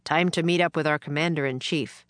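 A woman's voice: deep voice, fairly even intonation, fairly quick, dry recording, natural voice. A woman voicing a stern but kindly male soldier captain in a storybook reading. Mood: commanding.

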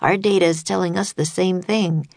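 A woman's voice: lowish voice, fairly even intonation, moderate pace, vocal fry, a little mellow, no echo, clean studio sound, voice pushed up. Woman voicing an earnest young boy. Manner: earnest, worried.

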